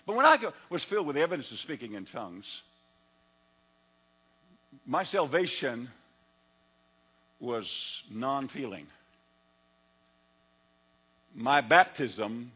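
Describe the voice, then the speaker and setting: Animated, husky-voiced preaching man. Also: medium pitch, slow pace, long pauses, rough recording. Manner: animated storytelling, acts out his own past voice. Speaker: pastor. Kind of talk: sermon.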